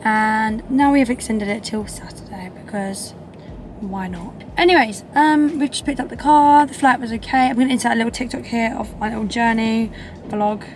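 A woman's voice: a little high, moderate pace, slight background noise. A young woman with an English accent, chatting in a bubbly, rambling way as she vlogs a holiday. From England. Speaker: vlogger. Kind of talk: casual vlog chat.

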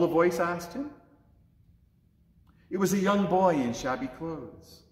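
A man reading a children's story aloud at a church service, with expressive, lively delivery in an echoey church. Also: a little high, slow, pauses often. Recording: echoey church with long reverb.

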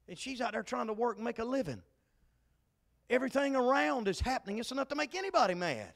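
A man's voice: very high voice, big pitch swings, fast talker, creaky, a bit bright. A male pastor, preaching a fervent, folksy Pentecostal sermon full of repetition. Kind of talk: Pentecostal sermon at a Bible study.

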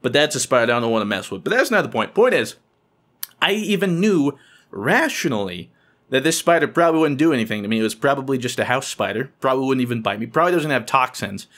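An excitable young man recounts something funny to the camera at a quick pace, frequently squealing high-pitched impressions as he quotes people.

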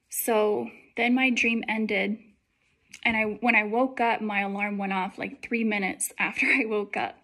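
Young woman, fairly high voice, casual chatty testimony with lots of fillers. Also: sharp tone. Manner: chatty, many likes and fillers. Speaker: vlogger telling a dream.

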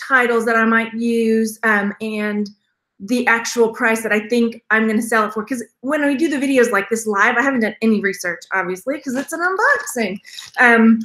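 A woman's voice: fairly high pitch, bright, forceful tone. A woman hosting a live stream, chatting with her viewers in a rambling, talkative way and laughing often. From Texas. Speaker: jewelry reseller, channel host.

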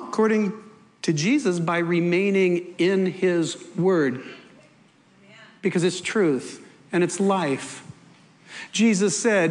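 A man preaching a sermon, telling an emotional personal story and changing his pace for emphasis. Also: sits high. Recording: long hall reverb with faint music.

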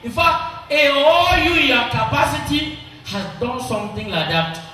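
A man's voice: very high voice, big pitch swings, moderate pace, sharp tone. A man preaching a sermon, quizzing the congregation with call-and-response questions and having them repeat his points. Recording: very echoey hall, voice from far off, faint noise.

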